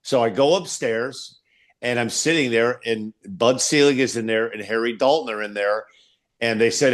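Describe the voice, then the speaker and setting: An older man, a former ballplayer, telling a steady story from his playing days in casual chat. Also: mid-range voice, normal speed.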